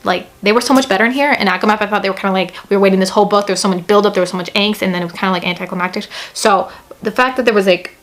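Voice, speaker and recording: A young woman talks through a book she loves in a casual vlog, gushing and excitable. She peppers her speech with "like" and stops now and then to read passages aloud. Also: mid-range voice, very fast. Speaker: book reviewer.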